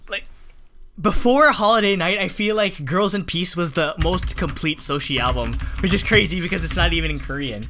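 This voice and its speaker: A man's voice: sits high, moderate pace, bright, forceful tone, soft background music. A man co-hosting a podcast in a casual chat, gushing and chatty, heavy on filler words. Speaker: podcast co-host.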